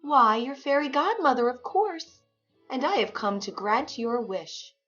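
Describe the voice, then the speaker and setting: A woman's voice: sits high, lively intonation, measured pace, fairly bright tone, voice pushed up. Woman doing a huffy fairy godmother for a storybook; grand, bossy, lo-fi. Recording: dull lo-fi sound with faint music.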